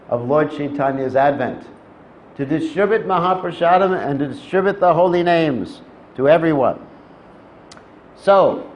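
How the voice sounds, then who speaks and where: Fairly high-voiced male preacher telling a story. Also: a little hiss or hum. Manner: conversational storyteller with fillers. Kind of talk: devotional sermon storytelling. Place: temple hall. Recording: echoey, slightly dull temple recording.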